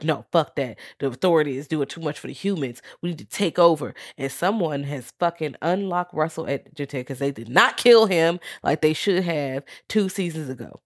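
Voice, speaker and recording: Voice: mid-range voice, no echo, studio quality. A podcast co-host in casual chat, recapping a TV series in blunt, slangy talk and quoting the characters.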